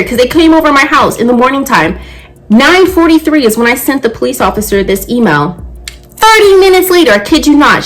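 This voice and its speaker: A woman in her twenties, a nail technician, telling a story in a blunt, profane, animated rant. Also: high voice, poor audio. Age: 20s.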